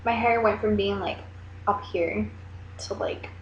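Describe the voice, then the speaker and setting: A woman's voice: mid-range voice, fairly even intonation, unhurried, a little hiss or hum. Chatty young woman vlogging, echoey room. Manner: chatty, rambling, heavy use of "like". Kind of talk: casual chat to camera. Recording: echoey room, dull lo-fi sound.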